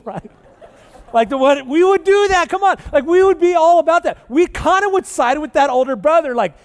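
A man preaching a conversational sermon to a church audience, chatty and animated, often tagging his points with a quick question to the room. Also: very high-pitched. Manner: chatty and animated, tags lines with "right?" and "okay?". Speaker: pastor. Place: church sanctuary with live audience. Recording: long reverb of a large hall.

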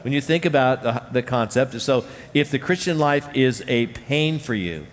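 A man's voice: medium pitch, animated, normal speed. Earnest male preacher in a reverberant hall. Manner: earnest, repeats key phrases, many restarts. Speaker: pastor. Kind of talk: sermon.

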